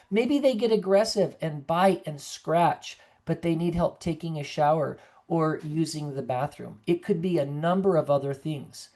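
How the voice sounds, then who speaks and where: A woman's voice: lowish voice, moderate pace, hardly any pauses, a little mellow. A woman nurse practitioner giving an earnest, conversational online presentation to caregivers over a video call, sometimes acting out the voices of the people she quotes.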